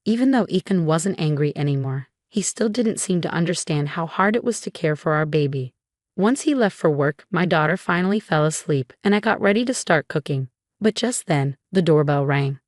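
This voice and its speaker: A woman telling a first-person story in an even, steady read. Her voice sits low and sounds dry and close, with no room around it. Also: normal speed, no echo. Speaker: narrator.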